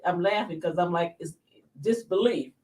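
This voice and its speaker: A woman in casual talk show chat, supportive and quick to laugh. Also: on the low side, darkish tone, far from the mic.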